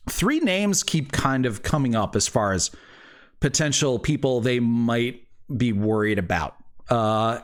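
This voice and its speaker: A man narrating a tabletop game as game master, relaxed and full of fillers. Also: medium pitch. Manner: relaxed, hesitant, with many fillers.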